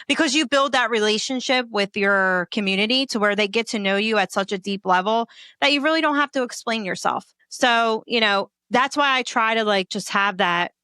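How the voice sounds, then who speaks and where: A woman with a Philadelphia accent chatting candidly as a comedian guest, telling stories with lively, salty humor. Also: on the high side, normal speed, clear, resonant tone, no room sound, clean studio sound. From Port Richmond, Philadelphia. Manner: candid, profane, lively storyteller. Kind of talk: casual interview chat.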